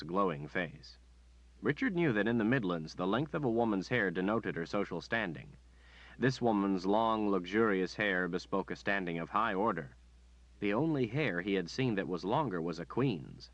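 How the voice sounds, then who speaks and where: A man narrating an audiobook in a measured storytelling manner. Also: low-pitched, a bit bright, no room sound, lo-fi sound. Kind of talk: scripted narration.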